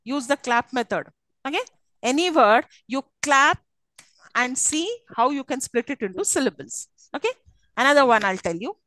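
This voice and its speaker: Woman, high voice, dry close sound, classroom lecture, keeps checking understanding. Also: animated, normal speed, pushed and bright, no echo, rough recording. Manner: explains step by step, often checks "okay?". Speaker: English lecturer.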